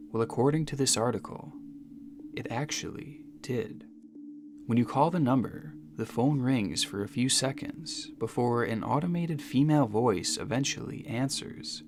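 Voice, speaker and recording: A man giving scripted, suspenseful mystery narration, measured and slowing down for dramatic phrases. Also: medium pitch, background noise. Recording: narration over music.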